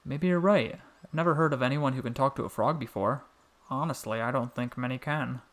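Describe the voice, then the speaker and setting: An eager, curious little boy, as a man narrator puts him on, pitched higher and louder than the storyteller's own voice. He talks earnestly, full of questions, like a child in a bedtime storybook. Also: brisk, natural voice.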